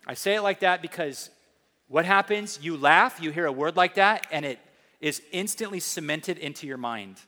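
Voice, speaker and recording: A man preaching in a church sanctuary, his voice bright and edged, sitting a little high. He drives his points home with emphasis and breaks into playful asides. A long reverb from the large hall trails after his words. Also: animated, normal speed. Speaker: pastor. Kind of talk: sermon.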